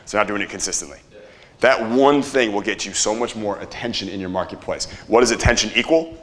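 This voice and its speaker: A young man running a live marketing workshop, energetic, quizzing the audience and swearing casually. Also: lowish voice, fast.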